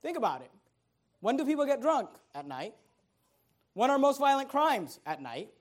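High-voiced man preaching a sermon. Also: big pitch swings, normal speed. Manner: conversational preaching, rhetorical questions, rising loud emphasis. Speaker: pastor.

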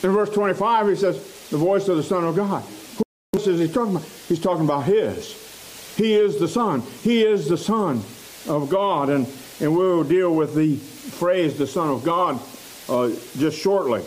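Man preaching in a church, high voice, super slow and emphatic, faint hiss behind. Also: darkish tone, poor audio. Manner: slow, emphatic, repeating phrases for stress. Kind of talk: sermon.

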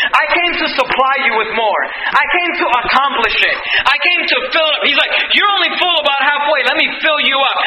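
A man's voice: very high-pitched, bright, forceful tone. A man preaching a sermon as pastor, in an emphatic, conversational way with many repetitions. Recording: echoey room with faint noise.

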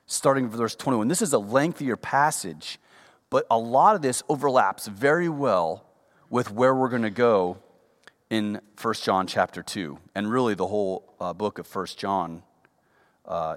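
A man preaching a sermon, reading Bible verses aloud and explaining them, his voice climbing high for emphasis. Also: fairly bright tone, in a large hall.

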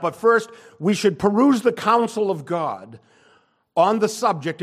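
An older man preaches a sermon in an emphatic, insistent manner. His voice sits a little higher than most men's and climbs even higher when he presses a point, then drops low and quiet for his asides. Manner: emphatic preaching, shifting between loud and quiet. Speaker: pastor.

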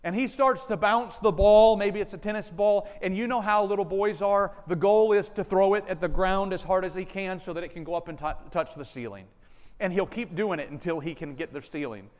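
A male pastor preaching a sermon, animated and acting out family members' lines. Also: high-pitched, a little fast, big-room sound. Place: church sanctuary.

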